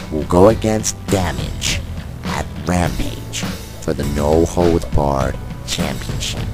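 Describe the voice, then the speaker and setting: Male wrestling commentator, very low voice, opinionated, excitable, over background music. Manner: opinionated, excitable, biased toward one wrestler, mock-fearful outbursts. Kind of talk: play-by-play commentary of a video game wrestling show. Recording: music playing behind.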